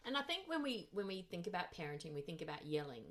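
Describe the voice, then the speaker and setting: A woman's voice: lowish voice, big pitch swings, fast, a bit bright. A woman hosting a casual conversation, listening supportively and agreeing often. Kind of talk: casual chat.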